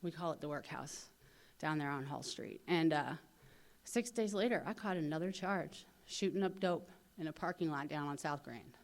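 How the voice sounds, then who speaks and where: A woman's voice: low-pitched, moderate pace. Candid woman telling her recovery story. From St. Louis, USA. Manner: candid, lively storytelling with many fillers and acted-out quotes. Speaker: recovery convention speaker. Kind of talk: personal recovery story told to an audience.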